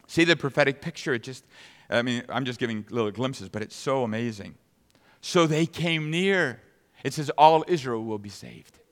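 Male pastor telling a bible story all dramatic, bright sharp voice, echoey church. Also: medium pitch, animated, normal speed. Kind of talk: sermon. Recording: long reverb of a large hall.

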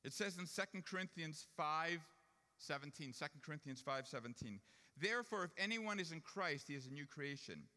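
A man's voice: a little high, animated, a little fast, bright, forceful tone. Man preaching in a reverberant hall. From Jewish family upbringing. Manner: storytelling, rising to emphatic preaching. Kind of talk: sermon.

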